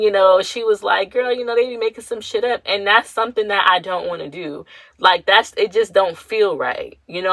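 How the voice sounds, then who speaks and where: A woman's voice: on the low side, fairly bright tone, dry recording, poor audio. A young woman hosting her own podcast, talking candidly and rambling, with lots of fillers and slang. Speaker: podcast host. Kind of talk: casual personal podcast talk.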